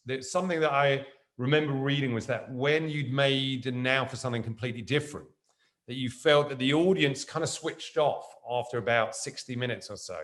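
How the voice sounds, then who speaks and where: A middle-aged man, a guest in a casual conversation, telling lively anecdotes. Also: mid-range voice.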